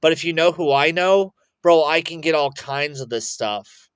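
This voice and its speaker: A young man rambling boastfully to camera, excitable, swinging between loud bursts and mutters. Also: a little high, moderate pace, smooth. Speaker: vlogger.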